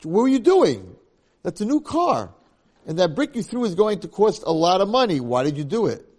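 A man voicing an angry young male executive who yells and demands answers during a story told in a lecture. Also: high voice, wildly swooping pitch, moderate pace, pitched above the performer's own voice, heavily acted. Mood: furious. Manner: yelling angrily.

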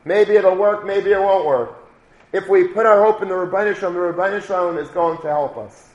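High-voiced man preaching through stories. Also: fairly quick, lo-fi sound. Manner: repetitive, builds to emphatic declarations. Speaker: religious speaker. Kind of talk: storytelling sermon. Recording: echoey room.

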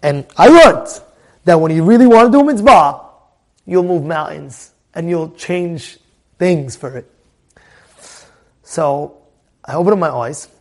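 An American man casually telling a personal story, animated and repeating his phrases as he acts out what people said. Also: fairly high pitch, unhurried, pauses often.

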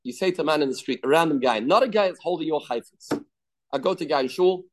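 A man leads a daily Talmud class, explaining step by step and posing questions he then answers himself, weaving Hebrew and Aramaic terms into his English. His voice is a little high, expressive, and quick.

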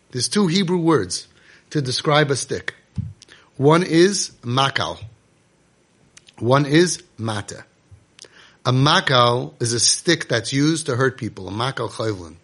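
A man's voice: fairly high pitch, a bit bright. A man preaches a Torah talk to parents with impassioned, emphatic delivery and repeats phrases for weight. His voice sits a little above most men's. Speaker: parenting guide and speaker.

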